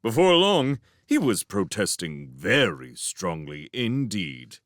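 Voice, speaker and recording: A man narrating a novel in a slow, unhurried way, his low voice rising and falling with lively expression. The reading is dry and close with no room sound. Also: dry recording. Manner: expressive storytelling. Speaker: reader of a novel. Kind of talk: fan audiobook narration.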